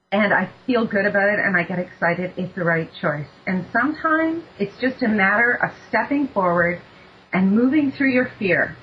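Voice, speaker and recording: A Canadian woman hosting an online talk show as a life coach, excited, a bit nervous and effusive. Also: mid-range voice, a little hiss or hum. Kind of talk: casual online radio talk. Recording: dull lo-fi internet radio.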